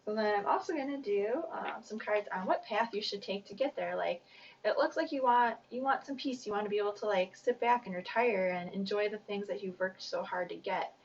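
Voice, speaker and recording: A woman's voice: medium pitch, brisk, background noise. A woman giving a casual weekly tarot reading, chatty and rambling, a little self-conscious as she goes. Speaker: tarot reader. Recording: dull, distant mic.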